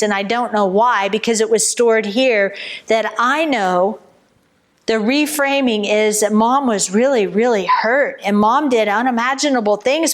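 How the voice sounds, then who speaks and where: A middle-aged woman teaching earnestly as a Christian counselor, retelling a client's session and speaking the client's answers in first person. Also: a little high.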